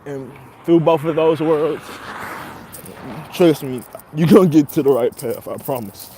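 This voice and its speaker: A man's voice: fairly high pitch, unhurried, mellow, a little hiss or hum. A young man talking casually and at length as a podcast host, laid-back and slangy, laughing often as he talks. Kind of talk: casual monologue.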